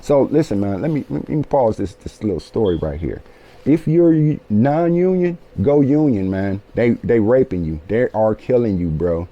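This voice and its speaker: A man in his late forties telling a personal story in an animated, profane way, often checking in with his listeners. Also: mid-range voice, moderate pace, dull audio. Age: 40s. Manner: animated, profane, keeps asking "you feel me". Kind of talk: casual storytelling.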